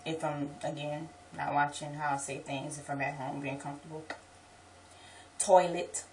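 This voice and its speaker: A woman's voice: low-pitched, flat delivery, far from the mic, slight background noise, rough recording. A woman from New Orleans with a New Orleans accent, chatting casually through a list of words for an accent tag video, with an "um" before most of them. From New Orleans, Louisiana. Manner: unhurried, slips in "um" before each word. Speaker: vlogger.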